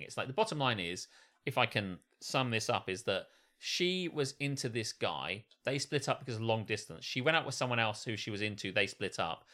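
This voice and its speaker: A man's voice: medium pitch, sharp tone. A man co-hosting a casual live-streamed podcast, with a dry, sarcastic way of talking. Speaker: podcast co-host. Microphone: studio mic on a stand.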